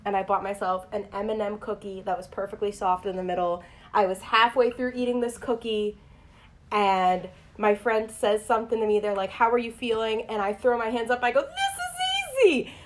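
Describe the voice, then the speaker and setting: A young woman co-hosting a casual podcast, telling a funny personal story in an animated way. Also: medium pitch, fairly quick. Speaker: podcast co-host.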